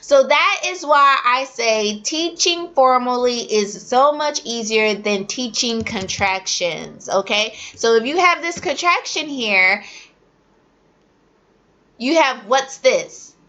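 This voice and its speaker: A woman teacher speaks slowly and with a bright edge, giving casual tips to fellow teachers. She slips into animated demonstrations of how she drills her young students. The sound is dull and lo-fi. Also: a little high. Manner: animated, acts out classroom drills. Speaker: ESL teacher.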